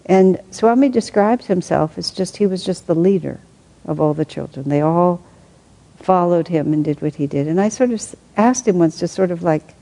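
A woman reading aloud from a spiritual book and adding her own reflective commentary, thinking aloud with soft laughs. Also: fairly low pitch, normal speed, rough recording.

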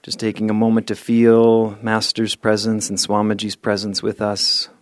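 In a dry recording, a man with a lowish, monotone voice speaks at a moderate pace at a spiritual service. His sermon is playful and story-driven with self-deprecating humor, and he leads the group through an exercise and a short meditation.

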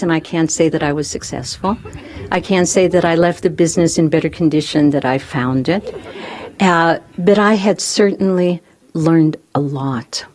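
A woman speaker telling a personal story to a live group, expressive and often laughing as she speaks. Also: fairly low pitch. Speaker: spiritual speaker.

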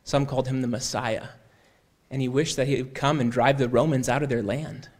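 A man telling a story aloud in an unhurried, conversational way, often repeating "he said" and restarting phrases. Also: mid-range voice, steady tone. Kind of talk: oral storytelling.

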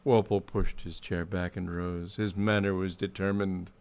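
A man reading a comic story aloud in dry, measured narration with wry timing. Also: low-pitched, level tone, a little mellow, a little hiss or hum.

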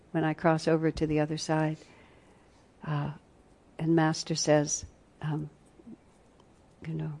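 A woman teaching a spiritual retreat class, telling personal stories in an earnest, reflective way. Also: lowish voice. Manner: reflective, earnest storytelling with soft asides.

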